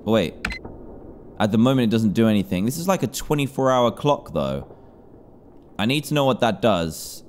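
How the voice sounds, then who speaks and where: Excitable young man playing horror game. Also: fairly low pitch, normal speed, long pauses. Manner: excitable, jumpy, yelps and panics at scares. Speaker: gaming YouTuber.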